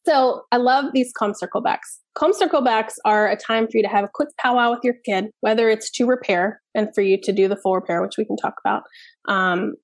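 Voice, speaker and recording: A candid woman therapist with a gravelly edge. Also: a little high, a little fast, no room sound. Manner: candid, frequent "like" and "you know what I mean", occasional cussing. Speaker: child therapist and parenting expert. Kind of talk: casual conversational interview.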